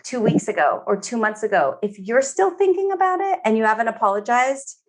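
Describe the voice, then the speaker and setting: A woman therapist talking in a relaxed podcast conversation, filling her speech with "you know" and slipping into quoted voices. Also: on the high side, fairly quick. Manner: chatty, many fillers, acts out quoted speech.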